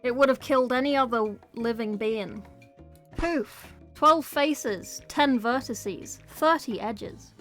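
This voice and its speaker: A woman's voice: fairly high pitch, takes it slowly, fairly bright tone, soft background music. A woman casually reading a novel aloud, with playful, chatty asides. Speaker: book reader.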